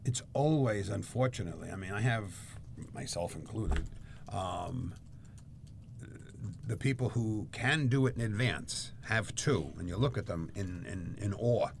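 Male co-host, gravelly and animated, rambling storyteller. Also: fairly low pitch, unhurried, noisy background. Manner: chatty storyteller, many fillers. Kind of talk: casual chat.

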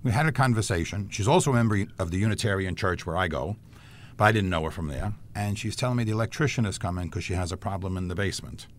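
A man's voice: low-pitched, fast, slight background noise. A man co-hosting a talk show, telling stories in a chatty, self-deprecating way. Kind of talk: casual talk show storytelling.

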